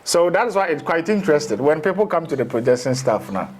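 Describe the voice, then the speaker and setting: A man's voice: a little high, big pitch swings, fairly quick. A man, a spiritual teacher in a casual interview, rambling through explanations and slipping into local phrases.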